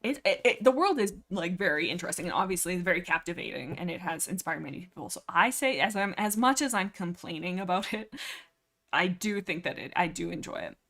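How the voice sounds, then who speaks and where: A woman's voice: fairly low pitch, animated, brisk, fairly bright tone. Sarcastic rambling young woman streamer. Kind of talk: casual livestream book discussion.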